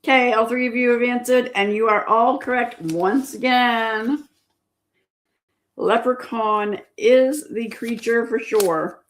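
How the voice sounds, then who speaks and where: Her voice is on the high side and steady, delivered at a slow pace, as this woman runs a casual livestream trivia session, patiently repeating questions and reading the audience's answers.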